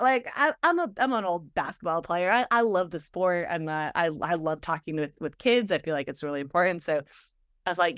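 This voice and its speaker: A woman guest telling a story in conversation, animated and full of filler words. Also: on the low side, brisk, clean tone, no room sound, studio quality. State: emotional, near tears. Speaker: guest, stress physiologist and speaker.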